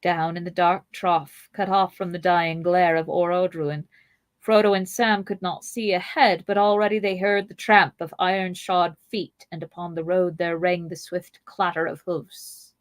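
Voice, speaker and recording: A woman hosting a podcast, reading a novel aloud in a measured, expressive way with playful asides. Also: fairly low pitch, no room sound.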